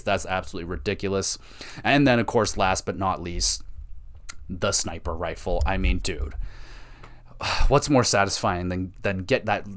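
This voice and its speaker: A young man hosting a gaming podcast alone, rambling enthusiastically and swearing a lot. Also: lowish voice. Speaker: podcast host. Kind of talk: casual solo gaming podcast rant.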